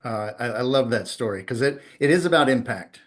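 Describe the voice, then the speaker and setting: A man's voice: mid-range voice, expressive, a little fast. A man with an ordinary mid-range voice hosts a podcast conversation. He talks with enthusiasm and often repeats a word before finishing his thought. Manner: enthusiastic, repeats words while starting sentences. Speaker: podcast host. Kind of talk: casual podcast interview.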